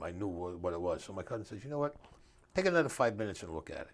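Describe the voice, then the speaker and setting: Very fast and expressive, this low-pitched older man performs the dialogue in his stories during a casual interview where he's the author guest. He talks like a streetwise raconteur, letting grammar slide.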